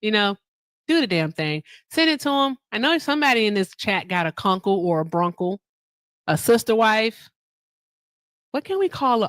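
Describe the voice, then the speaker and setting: A woman's voice: mid-range voice, animated, normal speed, a bit bright, dry recording. A woman hosting a casual live stream, joking with her audience and laughing often. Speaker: livestream host.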